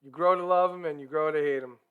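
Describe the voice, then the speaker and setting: A man's voice: fairly high pitch, fairly even intonation, fast talker, smooth, narrow, tinny audio. A man hosting a hockey talk live stream, chatty and upbeat, talking straight to his viewers. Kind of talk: casual live-stream chat.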